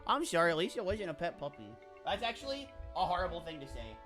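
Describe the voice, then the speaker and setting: A bubbly woman streamer chats casually with her viewers, her pitch swinging widely. She talks in a low, relaxed register, lively and chatty. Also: quick pace, faint music behind. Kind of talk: casual live-stream chat.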